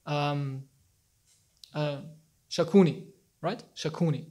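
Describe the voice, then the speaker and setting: High-voiced man telling an animated story. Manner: animated, acts out quotes, laughs often. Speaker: teacher giving a talk. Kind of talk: informal storytelling talk.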